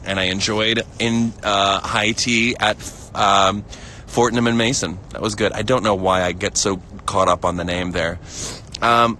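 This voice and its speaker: A young American man with a lowish, sharp-toned voice reads out chat messages on a relaxed livestream from a field. He's chatty and giggly, restarting often and using many fillers, and there's slight background noise.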